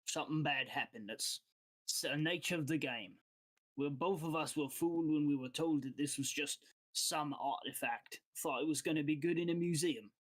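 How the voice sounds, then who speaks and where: A man's voice: on the high side, normal speed, fairly bright tone. A man voicing a shrewd male guild boss in a put-on accent, talking bluntly and in confidence. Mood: confiding.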